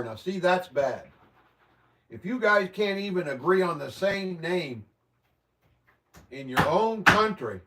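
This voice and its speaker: On the high side and fairly bright in tone, this man's voice belongs to a livestream host from the American Midwest chatting casually from indoors at home. He fires back at viewer comments with profane, mock-outraged exclamations, sounding a little far from the mic.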